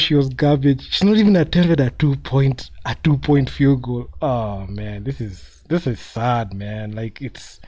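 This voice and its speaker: A man's voice: mid-range voice, expressive, normal speed, dark tone. Mocking man commenting live on a game. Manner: mocking, laughs often, repeats himself. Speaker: basketball commentator streaming live.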